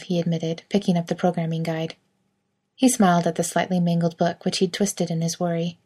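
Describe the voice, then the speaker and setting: A woman narrating a story in a calm, even reading voice. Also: on the low side, a little fast, breathy edge.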